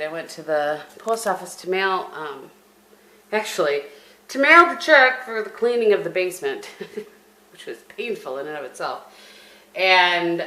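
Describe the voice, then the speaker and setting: A woman's voice: low voice, a bit bright. Chatty middle-aged woman in echoey room. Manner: chatty, rambling, with many restarts. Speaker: vlogger. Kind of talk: casual chat to camera. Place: at home indoors. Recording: echoey room with faint background hum.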